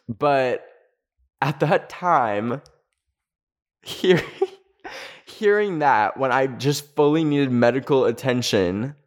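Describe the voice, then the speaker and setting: A young man telling a story to camera in a loose, chatty way, with "like" scattered through every sentence. His voice has a middling pitch and an ordinary, everyday sound. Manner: chatty, fills speech with "like". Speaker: video creator. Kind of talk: storytime vlog.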